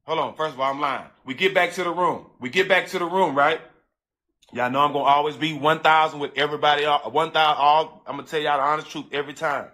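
Animated, bright-voiced man telling a story. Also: fairly high pitch. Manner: animated, profane street slang, addresses listeners directly; emotional, breaks into halting repeats. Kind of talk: casual storytelling to an audience.

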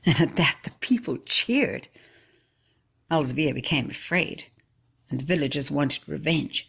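A woman reads a story aloud at a church service with a low, gravelly voice. Her tone is very husky, and she paces each sentence with measured, expressive care.

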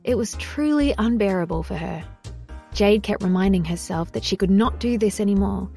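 A woman narrating an audiobook in an even, measured reading. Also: medium pitch, vocal fry, faint music behind.

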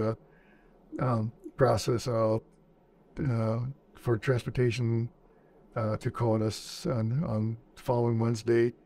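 A man's voice: lowish voice, creaky, warm tone. A man in his seventies, a veteran interviewee, recounting war memories in a plainspoken storytelling manner and acting out old dialogue. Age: 70s.

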